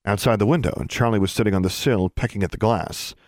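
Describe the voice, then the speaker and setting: A man narrates an audiobook in a low voice with a steady, even storytelling manner. The sound is close and dry. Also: fast talker, no room sound.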